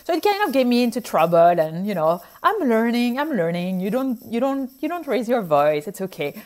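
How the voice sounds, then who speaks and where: A woman physician from France with a French accent, telling stories in a casual, animated way with frequent "like" fillers and laughter. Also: fairly high pitch, normal speed. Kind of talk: casual storytelling.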